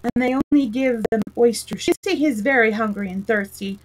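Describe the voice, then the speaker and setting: A sullen, fidgety messenger to a storybook king, his voice pitched up and pushed loud, as a woman reading aloud puts him on. He grumbles in one breath and blurts out in the next. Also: normal speed, close to an everyday voice, rough recording. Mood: chatty. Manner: sullen, then loud and sudden.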